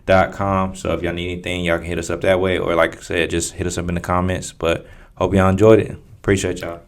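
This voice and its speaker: A man's voice: sits low, level tone, fast talker. A man co-hosting a casual podcast, talking in a laid-back, rambling way with lots of fillers. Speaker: podcast co-host.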